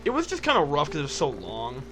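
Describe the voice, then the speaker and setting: A man's voice: fairly high pitch, huge pitch swings, over music. A man co-hosting a gaming video, chatting casually and joking with a friend while he plays. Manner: joking, laughs often, quick banter. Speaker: gaming channel co-host. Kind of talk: casual chat over gameplay.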